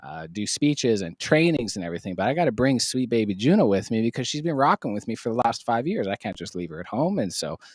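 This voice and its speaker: A man hosting a live stream from his home studio, chatting in an energetic, joking way. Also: medium pitch, slightly rough, no room sound. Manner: energetic, joking, talks fast. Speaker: live stream host and producer. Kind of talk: casual live stream chat.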